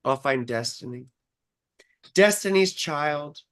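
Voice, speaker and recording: Her voice is deep and she takes things slowly as she hosts a live astrology stream. The young adult astrologer swears freely while chatting and spinning animated stories.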